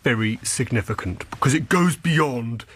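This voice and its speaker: A man, a political editor, explaining briskly as a guest in a radio studio interview. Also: mid-range voice, lively intonation, a bit bright, a little hiss or hum.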